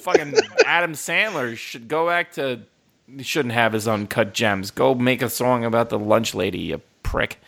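A man's voice: medium pitch, normal speed, vocal fry, fairly bright tone. A young man co-hosting a casual film chat, ranting with lots of swearing and frequent laughter. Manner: profane ranting, laughs often. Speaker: podcast co-host.

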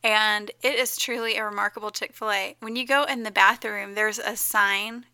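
A woman's voice: mid-range voice, fairly even intonation, normal speed, bright, forceful tone, dry recording. A woman co-hosting a casual chat, talking in a chatty, enthusiastic way and laughing readily. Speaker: podcast co-host.

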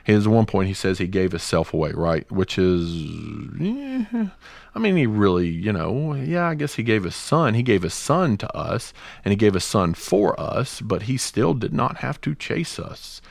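A middle-aged man with a low voice co-hosting a casual podcast, talking passionately and circling back on himself. The sound is dry and close, with no room around it. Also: lively intonation, normal speed, vocal fry, no room sound. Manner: rambling and passionate, many restarts. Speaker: podcast co-host.

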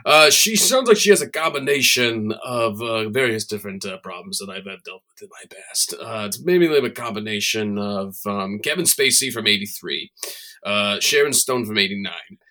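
Man playing a boastful crude voice guru, rambling, name-dropping, bright tense voice, improv comedy. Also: lowish voice, lively intonation, moderate pace. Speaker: guest character on a comedy podcast.

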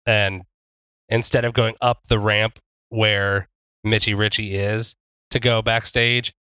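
A man narrating his character's actions in a tabletop game, in a relaxed storytelling way. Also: fairly low pitch, takes it slowly, clear, resonant tone, no echo. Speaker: player.

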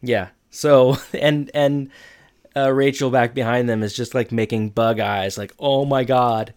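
A man in casual chat, retelling a TV episode in a relaxed way with fillers and quick quoted asides. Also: mid-range voice.

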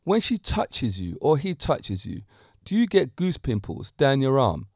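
A man hosting his own podcast, a fitness teacher talking about romance in a lively, preachy way with many rhetorical questions into a handheld mic. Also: mid-range voice, measured pace, no room sound, studio quality. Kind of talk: solo podcast talk on romance.

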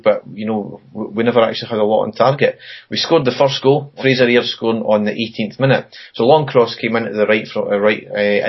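A man co-hosting a casual football podcast, reading through his match notes in a steady, matter-of-fact way. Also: lowish voice, slightly rough, dull audio. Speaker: podcast co-host.

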